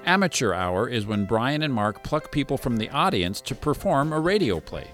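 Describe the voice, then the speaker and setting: A man's voice: mid-range voice, big pitch swings, normal speed, music in the background. A man hosting a podcast, telling his story in a wry, reflective way. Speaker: podcast host.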